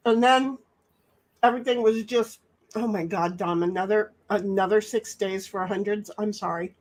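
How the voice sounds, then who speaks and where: A woman livestream host chats casually and rambles while she eats. Her mid-range voice is steady and darkish, and she talks at normal speed.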